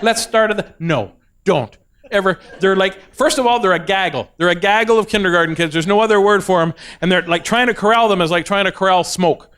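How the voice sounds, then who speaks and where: Fast-talking animated male comedian. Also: sits high, clear, resonant tone. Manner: animated, acts out voices, quick asides. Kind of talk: stand-up storytelling.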